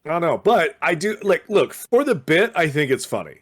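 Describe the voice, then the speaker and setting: A man's voice: fairly high pitch, big pitch swings, normal speed. A man co-hosting a podcast in casual chat, rambling and meandering with lots of fillers and restarts. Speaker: podcast co-host.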